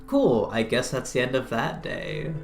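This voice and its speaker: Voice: mid-range voice, very animated, measured pace, creaky, faint music behind. A streamer giving casual, joking, sarcastic commentary while playing a cozy game. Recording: roomy echo.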